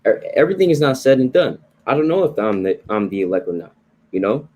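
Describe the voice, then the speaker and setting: The recording is dull with a bit of hiss or hum, carrying a medium-pitched, darkish male voice that swings widely in pitch at a quick pace. He teaches the Bible in a loose, repetitive sermon style, often saying "right?" and "you know."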